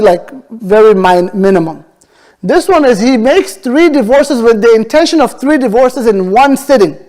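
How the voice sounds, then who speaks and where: A man's voice: sits high, a little mellow, low-quality recording. A man, an imam, giving an explanatory Islamic lecture on jurisprudence in a mosque, often repeating words as he looks for the phrasing.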